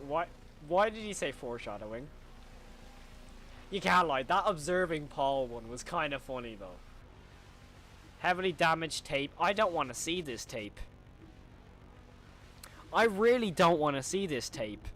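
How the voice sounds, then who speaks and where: Excitable young man reacting to horror. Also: a little high, unhurried, long pauses, a little hiss or hum. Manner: excitable, reacts aloud with repeated exclamations; chatty, answers viewer questions. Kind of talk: live reaction commentary.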